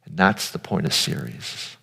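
A man's voice: a bass voice, animated, a little slow, gravelly, sharp tone, slightly rough. A man giving an earnest, informal sermon, speaking directly to his audience. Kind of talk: conversational sermon. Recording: long hall reverb.

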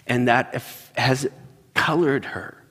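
A middle-aged pastor preaches in a large hall at a slow pace, his mid-range voice husky. He tells personal stories in a lively way and acts out the voices of the people in them.

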